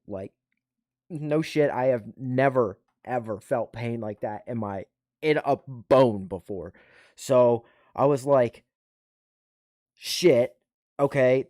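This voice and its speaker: A man's voice: mid-range voice, a little mellow, no echo. Profane ranting man, dry close mic. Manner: swears constantly, restarts, rants animatedly. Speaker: livestream host and army veteran. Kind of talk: casual profane storytelling. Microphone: desktop USB microphone.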